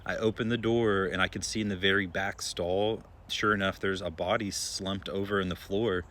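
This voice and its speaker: A young man who works as an emergency room nurse tells his followers a story, chatty and relaxed, with lots of filler words. His voice sits low, his pace is moderate, and there's slight background noise.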